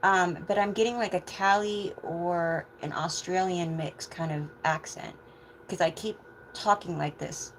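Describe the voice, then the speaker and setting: Give me a woman doing a casual livestream chat, meandering and talking softly, with faint background noise. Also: lowish voice, fairly even intonation, a little slow, low-quality recording. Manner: chatty and meandering, with soft asides. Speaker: tarot reader.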